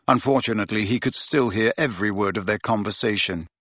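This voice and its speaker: A man narrating an audiobook in a steady, even storytelling manner. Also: on the low side, fast talker, no echo. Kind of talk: scripted narration.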